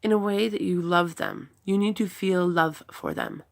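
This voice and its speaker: A middle-aged woman speaking earnestly about parenting, reflecting on arguments with her son and demonstrating gentle replies. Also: fairly low pitch, moderate pace, vocal fry. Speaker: parenting talk host. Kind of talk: personal advice talk.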